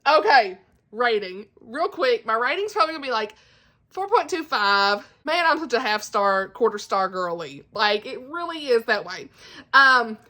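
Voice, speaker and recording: A woman's voice: a little high, big pitch swings, normal speed, bright, forceful tone. A woman vlogging casually into her phone camera at home, gushing and laughing about a book. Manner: gushing, emotional, laughs often, says like a lot. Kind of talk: casual reading vlog to camera. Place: at home indoors.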